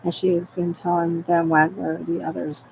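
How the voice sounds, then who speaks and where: A woman's voice: fairly low pitch, flat delivery, normal speed, creaky, a little hiss or hum, low-quality recording. A tearful woman in a rambling, distressed monologue, agitated and repetitive, swearing as she talks.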